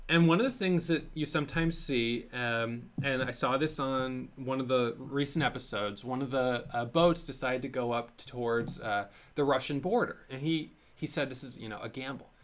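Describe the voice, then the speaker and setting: A man's voice: mid-range voice, a bit bright. Candid man talking about his trading. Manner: candid, self-critical storytelling with fillers. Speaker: host of a day-trading show. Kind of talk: casual solo talk to camera.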